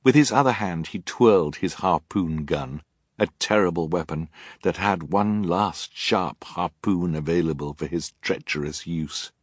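Deep-voiced wry audiobook narrator, man. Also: no echo. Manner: dry, wry, deliberate.

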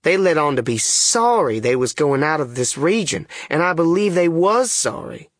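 A man doing a slow, wry drawling con-man duke. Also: on the high side, very animated, dry recording, studio quality, voice pushed up. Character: sly middle-aged male con man, the duke. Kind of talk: audiobook character voice.

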